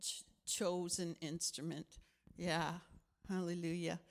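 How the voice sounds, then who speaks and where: A woman's voice: lowish voice, slow pace, vocal fry. A middle-aged woman pastor giving a conversational sermon, telling a personal story and acting out the voices in it. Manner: animated storytelling with acted-out quotes.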